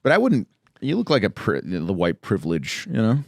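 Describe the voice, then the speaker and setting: A man co-hosting a comedy podcast, his voice of middling pitch but swinging widely as he needles his co-host. He plays the mock detective, riffing fast. The close studio mic sounds dry and dead. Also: wildly swooping pitch, gravelly, no room sound. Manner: teasing, mock-interrogating. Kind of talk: casual comedic podcast chat. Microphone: studio microphone.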